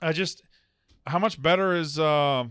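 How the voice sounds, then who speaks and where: A man co-hosting a casual movie review chat, blunt and animated, quick to argue a point. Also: a little high, clean tone, no echo, studio quality. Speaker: podcast co-host.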